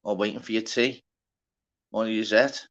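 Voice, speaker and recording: A man with a Liverpool accent runs a loose, chatty live stream, cursing freely and calling out viewers by name. His voice sits on the low side. The recording sounds dull and lo-fi. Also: steady tone, measured pace, fairly bright tone. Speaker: livestream host. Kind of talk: casual live stream chat.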